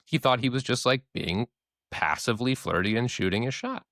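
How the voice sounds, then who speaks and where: A man's voice: medium pitch, expressive, normal speed, fairly bright tone, no echo. A man co-hosting a podcast, rambling candidly and swearing freely as he tells stories and acts out the people in them. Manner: acts out quoted voices in his stories. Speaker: podcast co-host. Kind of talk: casual discussion.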